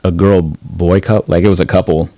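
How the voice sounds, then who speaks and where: A man's voice: low-pitched, level tone, normal speed, dark tone, dry recording. A man co-hosting a podcast, talking in loose, rambling casual chat that trails off and restarts. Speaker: podcast co-host.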